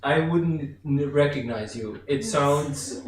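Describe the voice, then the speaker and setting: A man's voice: fairly high pitch, takes it slowly, slight background noise. Curious man calling out from a distance. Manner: curious, informal, blunt. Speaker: audience member asking questions. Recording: echoey room, far from mic.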